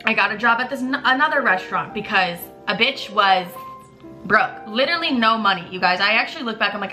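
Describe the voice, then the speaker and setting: A woman in her twenties tells a raw, confessional story in a bright, forceful voice and swears freely along the way. Her tone is emotional and unguarded. Faint music sits quietly under her voice. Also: mid-range voice. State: tearful at times. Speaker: vlogger. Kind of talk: candid storytime vlog.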